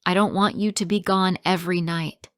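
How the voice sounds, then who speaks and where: A woman's voice: on the low side, steady tone, moderate pace, no echo, clean studio sound, lightly acted. Woman doing a sad little girl pleading. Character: sad young girl, longing for her father.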